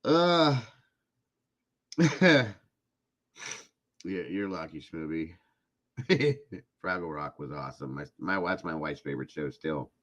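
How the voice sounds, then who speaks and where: A man's voice: extremely low pitch, lively intonation, slow pace, pauses often, a bit bright. A middle-aged man hosting a casual live stream, chatting with viewers and often breaking into laughing fits. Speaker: livestream host chatting with viewers.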